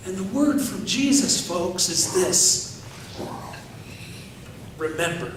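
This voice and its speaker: Male pastor preaching, pretty high voice, lots of repeating and asking the room stuff, big echo, mic kinda far off. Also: animated, slow, slight background noise. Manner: emphatic preaching with repeated phrases and questions to the congregation. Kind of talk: sermon. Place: church sanctuary. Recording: echoey church hall from far off.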